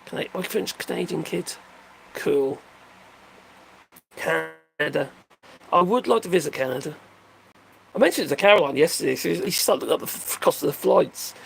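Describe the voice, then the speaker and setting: A man's voice: on the high side, lively intonation, moderate pace, vocal fry, long pauses, slight background noise. An older man casually chatting on a livestream, rambling and joking as he answers viewer comments. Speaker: livestream host reading chat. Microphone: phone.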